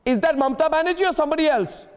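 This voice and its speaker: Guy hosting a tv shouting match, really high and rapid-fire, keeps repeating himself over people. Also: big-room sound, a crowd in the background. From India. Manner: talks over guests, repeating phrases rapidly. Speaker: debate show host. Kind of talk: heated televised debate.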